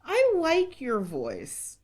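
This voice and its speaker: A woman hosting a casual podcast, playful and quick to laugh. Her voice sits fairly high, and she slips easily into relaxed plugs for supporters. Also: slightly rough. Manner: playful, laughing, then brisk sponsor read. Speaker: podcast host.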